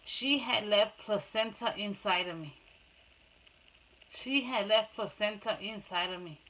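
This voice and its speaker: A woman's voice: medium pitch, measured pace, fairly bright tone, rough recording. A woman vlogger telling her own story in a rambling, emotional, candid way, switching between English and Spanish. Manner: rambling, emotional retelling, addresses viewers as guys. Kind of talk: personal storytelling vlog.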